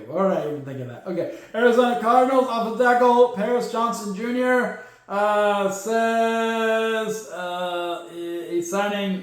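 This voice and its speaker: A podcast host goes through news in a loose, rambling way, dropping jokey asides as he goes. His voice sits fairly high, and it bounces around a very echoey room. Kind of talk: casual news chat.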